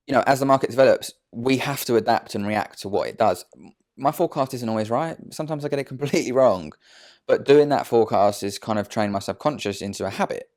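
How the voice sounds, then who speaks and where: A man's voice: lowish voice, a little mellow. A man giving a casual motivational talk to camera from his sofa at home, chatty and blunt, with slang and frequent fillers. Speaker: trader vlogger.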